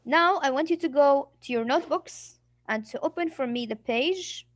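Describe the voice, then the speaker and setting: A woman's voice: high-pitched, moderate pace, no echo. Female English teacher, patient and explanatory, dry close recording. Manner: patient explaining, acts out examples. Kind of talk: classroom vocabulary lesson.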